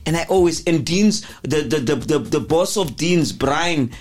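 Emphatic older man, high-ish voice. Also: expressive, unhurried, darkish tone. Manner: emphatic, repeats words, rambling asides. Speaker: football pundit. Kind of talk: studio discussion.

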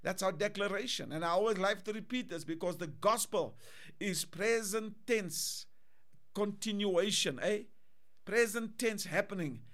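A man's voice: high-pitched, unhurried, a bit bright. A man preaching a fervent sermon as a pastor, repeating declarations and calling out to listeners.

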